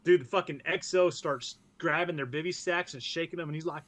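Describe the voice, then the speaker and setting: A man's voice: a little high, brisk, few pauses, a bit bright, no room sound. A man, a military veteran, telling war stories as a podcast guest in a blunt, profane way. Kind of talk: casual podcast interview.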